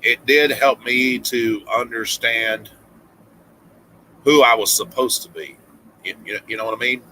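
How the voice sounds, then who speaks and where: An older man on a casual vlog, talking in a halting, emotional way. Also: mid-range voice, fairly even intonation, sharp tone, a little hiss or hum, low-quality recording. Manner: choked up, halting, reading a letter aloud. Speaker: vlogger.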